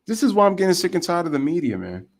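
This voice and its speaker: A young man giving casual live baseball play-by-play, chatting with viewers and going off on animated rants. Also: sits high, fast talker, vocal fry. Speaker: live baseball commentator and streamer.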